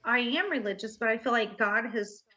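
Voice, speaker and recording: Woman, interview guest, earnest, halting, fairly high voice, muffled lo-fi recording. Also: pushed and bright. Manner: earnest, halting, many fillers. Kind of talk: personal interview talk. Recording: muffled lo-fi audio.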